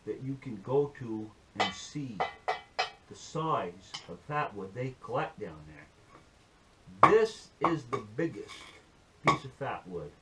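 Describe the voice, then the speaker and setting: A man's voice: medium pitch, heavy background noise. A man giving a folksy, rambling demonstration and telling a joke on his channel. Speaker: outdoor-skills YouTuber.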